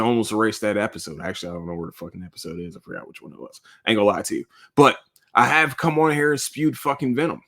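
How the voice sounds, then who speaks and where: Speaking from a cold room, a podcast host with a lowish, creaky voice that sounds pushed and bright talks straight to his listeners. The solo monologue is casual, rambling, profane and emotional.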